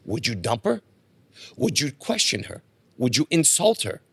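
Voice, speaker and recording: His voice is a little high, creaky, and husky, moving at normal speed with no echo. The middle-aged man, a podcast guest, tells casual stories and acts out their dialogue in a lively way.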